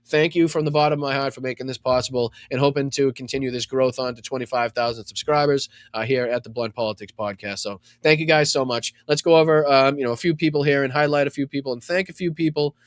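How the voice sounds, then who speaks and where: A podcast host with a Boston accent, rambling warmly through a casual thank-you segment, full of fillers and profane asides. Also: male voice, medium pitch, fairly even intonation, fast talker, hardly any pauses, no echo. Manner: rambling, filler-heavy, effusive gratitude.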